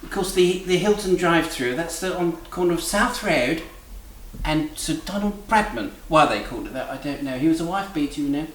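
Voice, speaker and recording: A man's voice: a little high, lively intonation, a little fast, a little hiss or hum. Arch, teasing man in a kitchen. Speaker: cooking show co-host. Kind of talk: camp comic cooking demonstration. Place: home kitchen. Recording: echoey kitchen with clattering cutlery. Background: cutlery and dish clatter.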